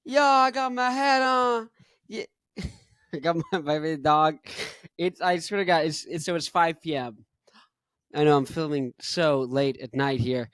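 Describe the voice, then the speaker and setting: Young guy hosting his own show, easygoing and rambling, slightly high voice, dry close sound. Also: steady tone, measured pace, pauses often, no room sound. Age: young adult. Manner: rambling, laid-back slang, chuckles between thoughts. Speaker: podcast host. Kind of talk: casual chat.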